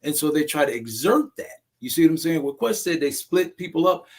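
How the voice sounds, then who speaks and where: A man's voice: on the high side, lively intonation, brisk. A man who runs domestic violence classes, speaking emphatically to a discussion group and often checking that listeners follow him.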